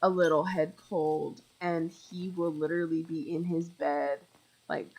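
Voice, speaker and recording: A young woman streams a game while chatting casually with her viewers, rambling from one story to the next with plenty of fillers. Her voice sits a little on the low side. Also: level tone, unhurried, creaky, darkish tone, husky, low-quality recording. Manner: talks to chat viewers directly. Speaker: gaming live streamer. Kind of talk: casual chat while playing.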